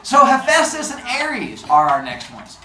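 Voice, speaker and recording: A male teacher telling myths to his class in an animated, jokey way, full of voices. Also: extremely high pitch, unhurried. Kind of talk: classroom storytelling. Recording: echoey classroom from far off.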